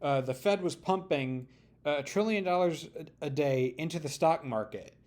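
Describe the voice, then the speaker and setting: Man, vlogger doing reaction commentary, slightly high voice, sarcastic and heated. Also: moderate pace, darkish tone. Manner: sarcastic, heated ranting with mocking impressions.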